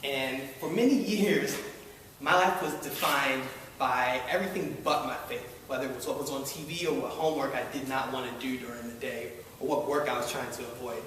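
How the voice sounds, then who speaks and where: A man's voice: mid-range voice, fairly quick, fairly bright tone. A man telling a wry, self-deprecating personal story live to an audience that laughs along. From Baltimore. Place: live event hall with audience. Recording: echoey hall, distant mic, noisy.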